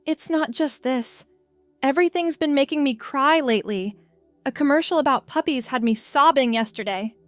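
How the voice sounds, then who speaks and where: A tearful, emotional young woman from a read-aloud story, spoken a touch higher than the narration, as a woman reader puts her on. The voice is dry and close, with faint music underneath. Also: moderate pace, dry recording, natural voice. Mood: teary.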